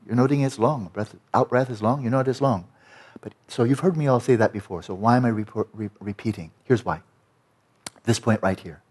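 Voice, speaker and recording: A man teaching breath meditation to a group in a gentle, conversational way, often repeating words softly. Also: mid-range voice. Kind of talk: guided meditation instruction.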